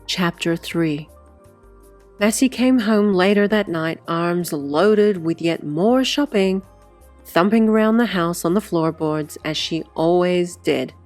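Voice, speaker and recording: A woman's voice: on the low side, slow pace, a little mellow, soft background music. A woman reading a first-person story aloud as audiobook narrator, in a conversational style with wry asides.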